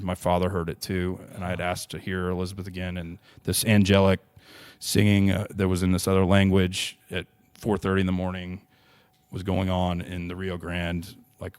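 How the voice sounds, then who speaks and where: A man's voice: deep voice, clear, resonant tone, no room sound. A young man, a podcast guest, telling a personal story in an earnest, rambling way with many restarts.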